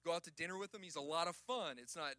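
A man preaching a sermon as pastor, building from quiet stories up to loud, shouted emphasis. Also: on the high side, fast talker, no room sound, studio quality.

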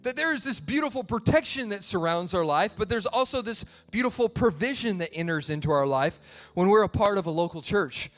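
Guy pastor w a pretty high voice, chatty sermon, jokes on himself, faint music under it. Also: expressive, a little fast, a bit bright. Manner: conversational, storytelling, laughs at himself.

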